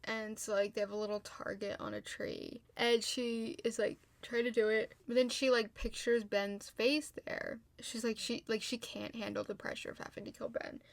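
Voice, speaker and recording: A young woman with a fairly high voice chats through a TV episode recap, full of fillers and sudden heated asides. She sounds a little tired. The recording is close and dry, with no room sound. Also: little pitch movement, moderate pace, few pauses, no room sound. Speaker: video host.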